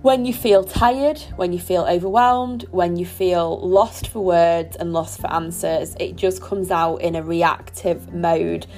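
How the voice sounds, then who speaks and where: A woman hosting a solo parenting podcast, talking in a gentle, reflective and reassuring way. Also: lowish voice, steady tone, measured pace, few pauses, soft background music. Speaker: podcast host.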